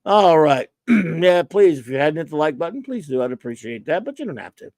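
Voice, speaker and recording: A man hosting a casual livestream, rambling and chatty as he greets viewers by name one after another. His voice sits a bit high for a man and sounds dry and close, with no room around it. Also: sing-song, a little fast, vocal fry, a little mellow, no room sound. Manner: rambling, reads out viewer names and thanks them. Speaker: livestream host.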